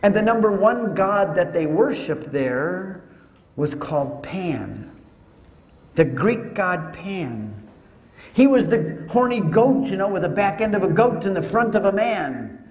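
Animated male speaker in an echoey hall. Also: high voice, measured pace. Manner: animated storyteller with joking asides. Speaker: Catholic speaker. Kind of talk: teaching talk to an audience. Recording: echoey hall with long reverb.

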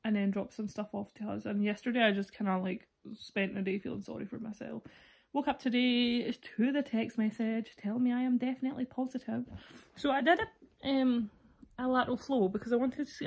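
A woman's voice: fairly high pitch, gravelly, darkish tone. A young Scottish woman vlogging casually from home, rambling and candid with lots of fillers, while ill with a sore throat and cough. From Scotland. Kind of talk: casual vlog chat to camera.

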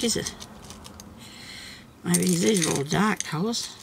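A woman hosting a casual craft tutorial, chatting and thinking aloud as she works, with soft laughs to herself. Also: on the low side, slow, creaky, noisy background. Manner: rambling, chatty, thinks aloud while working.

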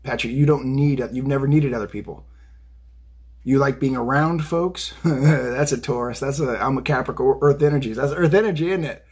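Husky man ranting with profanity. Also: medium pitch, normal speed, darkish tone. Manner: blunt, swearing, fired up, rambling. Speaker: tarot reader. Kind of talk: casual profane psychic rant. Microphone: phone video.

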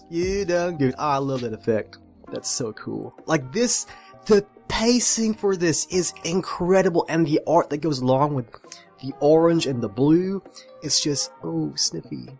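A man giving excited casual commentary as he flips through a comic, gushing and swearing freely. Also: medium pitch, takes it slowly, gravelly. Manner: animated and gushing, swears freely, mimics characters. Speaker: video creator reviewing a game comic. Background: faint background music.

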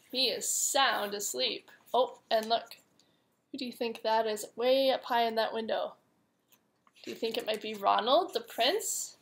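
A woman reading a picture book aloud to young children, with gentle, chatty asides to her listeners. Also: fairly high pitch. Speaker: preschool teacher.

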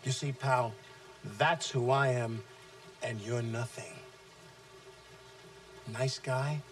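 A man's voice: a little hiss or hum, natural voice. A man playing a brash abusive sales boss. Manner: aggressive, taunting, swings between shouting and low menace. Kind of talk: film acting.

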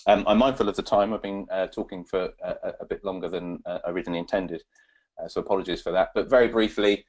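A man's voice: sits low, fairly even intonation, fast, a little mellow. A man presenting a webinar on data protection, talking with many ums and restarts as he answers audience questions.

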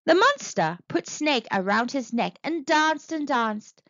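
A woman reads a children's picture book aloud as a storyteller, slowly and with big, animated swings in her voice. Her voice sits a little high. The recording is dry and slightly dull, like a lo-fi home mic. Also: dry recording. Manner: slow, expressive, very animated reading.

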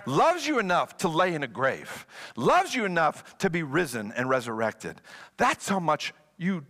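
A man preaching as a guest pastor, animated and playful. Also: fairly high pitch, measured pace. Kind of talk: sermon.

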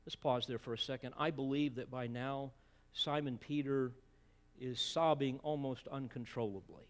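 A man's voice: mid-range voice, steady tone, measured pace, a bit bright. A man preaching an expository sermon as pastor, emphatic, with rhetorical asides and repeated words as he presses a point.

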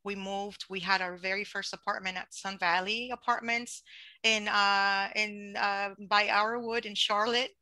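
A young woman tells her own story in an interview, animated and full of restarts as she acts out the dialogue. Her voice is bright and forward. The sound is dry and close, with no room around it. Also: mid-range voice, unhurried, no echo, poor audio. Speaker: guest.

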